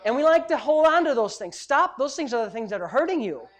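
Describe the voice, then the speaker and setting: Middle-aged male pastor, lively joking sermon delivery. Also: very high voice, quick pace. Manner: animated, joking, preacherly exclamations.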